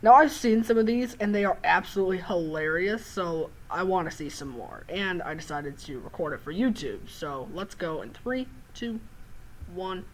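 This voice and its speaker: A woman's voice: lowish voice, animated, normal speed, low-quality recording. A woman hosting a reaction video, chatting casually and laughing often.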